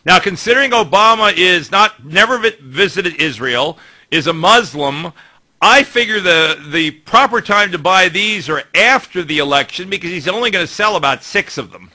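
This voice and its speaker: A male talk show host with a high, very bright and cutting tone. He steers the banter briskly and adds wry asides as he moves through each segment. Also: lively intonation. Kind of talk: casual talk radio banter.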